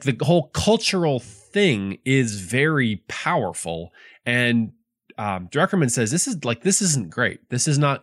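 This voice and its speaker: A man's voice: mid-range voice, dry recording, clean studio sound. A man co-hosting a casual book chat, talking with lots of restarts and laughs. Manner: animated, laughing, many restarts. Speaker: podcast co-host.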